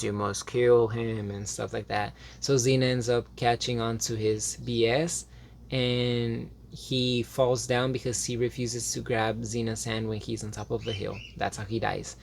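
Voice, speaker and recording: A man giving a casual spoken review, rambling with many fillers and self-corrections, and turning animated and dramatic when excited. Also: mid-range voice, vocal fry. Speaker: TV show reviewer.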